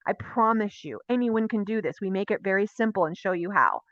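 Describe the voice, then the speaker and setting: A woman teaching a Torah portion in a casual, animated way, acting out dialogue and asking her listeners questions. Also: mid-range voice, a little fast, no room sound. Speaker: Bible teacher. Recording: dry, dull lo-fi sound.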